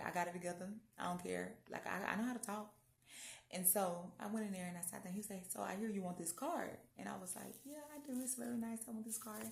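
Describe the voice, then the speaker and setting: Woman, young adult, chatty storytelling, loud then hushed, echoey room. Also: medium pitch, vocal fry. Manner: animated, chatty, leaps between loud and hushed. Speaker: vlogger. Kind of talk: casual storytelling about faith.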